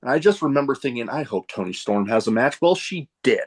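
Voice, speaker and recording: A man hosting a casual podcast chat, telling animated stories and laughing at his own jokes. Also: medium pitch, a little fast, slightly rough. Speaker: podcast host.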